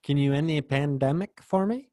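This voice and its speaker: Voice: mid-range voice, moderate pace, dark tone. A co-host in casual chat, with a dry, teasing manner and playful asides. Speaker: podcast co-host.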